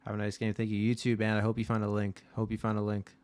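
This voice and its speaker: A man with a somewhat low voice hosts a casual live watch-party stream from his desk mic. He talks straight to his chat, blunt and loose, with the odd swear word thrown in. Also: monotone, quick pace, darkish tone, smooth, no echo.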